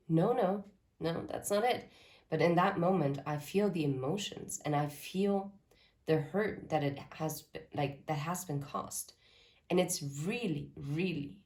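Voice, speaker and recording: This tarot reader's voice sits low and darkish, moving at a measured pace as she addresses viewers on camera. She channels the reading, talking sincerely about spirit messages and wandering into asides.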